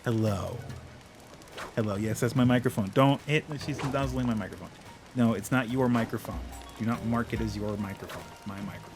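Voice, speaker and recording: A man's voice: fairly low pitch, a little fast, over music. A young man giving casual, playful commentary while he plays a game and talks to his cat. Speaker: game streamer.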